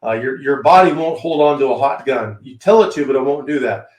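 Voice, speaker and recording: A man's voice: mid-range voice, expressive, a little fast, a little mellow. A man with a Southern American accent teaching handgun technique on a livestream, chatting to viewers by name as he demonstrates on camera. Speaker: firearms instructor hosting a livestream. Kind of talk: live-streamed teaching and reading viewer comments. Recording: echoey room.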